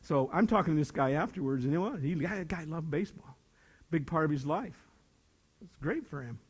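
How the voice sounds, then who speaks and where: An older man giving a live motivational talk to young people, animated and swinging between loud bursts and hushed asides. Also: a little high, fairly quick, breathy edge. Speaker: motivational speaker. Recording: reverberant hall.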